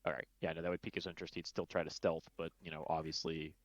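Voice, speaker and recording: Low-voiced man with a dull, dry sound. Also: little pitch movement, racing. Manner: hesitant, filler-heavy. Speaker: player. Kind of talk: casual game chat.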